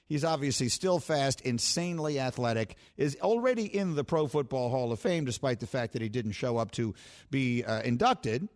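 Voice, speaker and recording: A man's voice: medium pitch, animated, moderate pace. A man hosting a sports talk show, playful and wry, teasing his staff and riffing dramatically. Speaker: sports radio host.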